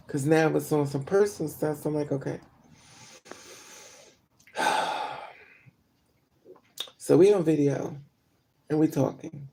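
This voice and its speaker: A woman vlogger casually telling a story to her viewers, blunt and profane, with animated delivery. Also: sits low, unhurried, creaky, long pauses.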